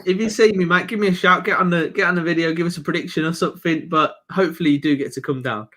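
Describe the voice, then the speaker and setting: A man's voice: fairly high pitch, steady tone, fast talker, fairly bright tone. A man with a Birmingham accent hosting a live match reaction stream, chatting bluntly about the game. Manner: blunt, chatty football banter. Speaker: football channel host.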